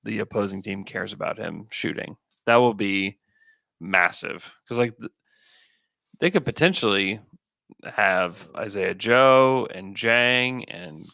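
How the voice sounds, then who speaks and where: A lower-pitched man with a gravelly, bright edge to his voice chats casually about basketball as a podcast co-host. He thinks aloud with plenty of fillers and restarts. The sound is dry and close, with no room around it. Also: expressive, takes it slowly, no echo.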